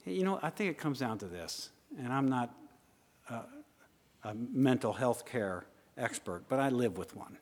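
Pastor, male, mid-pitched, animated delivery from loud to hushed, long hall reverb. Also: moderate pace. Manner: animated, swings from loud urging to hushed asides. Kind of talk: sermon.

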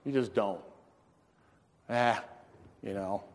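A man preaching a storytelling sermon in a folksy, animated way, acting out the dialogue in his story. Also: fairly low pitch, takes it slowly. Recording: long reverb in a large hall.

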